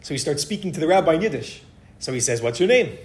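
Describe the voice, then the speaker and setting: Brief: male storyteller, a bit high-pitched, conversational, acts out dialogue, echoey room. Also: lively intonation, fast, a little mellow. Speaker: speaker giving a holiday talk. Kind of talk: storytelling talk to a live audience.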